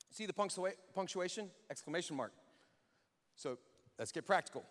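High-pitched guy preaching in church, chatty and animated, lots of hall echo. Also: normal speed, long pauses. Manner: animated, conversational, acts out quotes. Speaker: pastor. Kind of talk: sermon. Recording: long church hall reverb.

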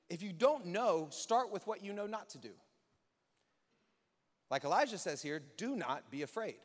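A man preaching a sermon in a lively, conversational way, acting out quotes and joking with the church. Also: high-pitched, fairly quick. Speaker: pastor. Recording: reverberant hall.

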